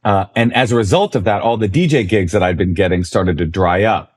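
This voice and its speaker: A man in his forties, a comedian guest, telling a story in a conversation, animated and self-deprecating. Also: on the low side, a little fast.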